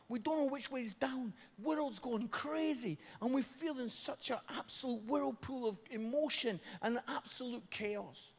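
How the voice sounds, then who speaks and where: A British man preaching an evangelistic sermon, telling a story and repeating phrases for emphasis. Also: very high-pitched. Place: large church hall. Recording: long hall reverb.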